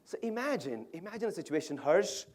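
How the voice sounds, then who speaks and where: A man giving an energetic motivational speech to an audience at an awards event, often asking the crowd questions. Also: high voice, a little fast. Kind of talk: animated stage speech to an audience. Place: large event hall with live audience.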